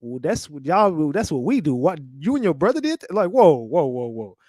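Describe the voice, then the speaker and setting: A man giving a casual commentary rant, animated and mocking, often breaking into laughter. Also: fairly high pitch, normal speed, dry recording, clean studio sound. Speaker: commentary channel host.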